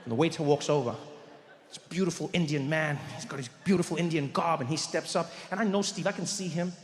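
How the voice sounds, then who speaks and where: A man performing stand-up comedy, animated and telling a story while acting out characters and voices. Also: on the high side, fairly quick. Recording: echoey hall, noisy room.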